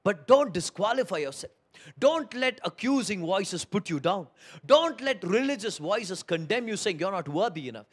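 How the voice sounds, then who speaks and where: A man preaching a sermon as pastor, moving between hushed tender pleading and loud emphatic preaching. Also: high voice.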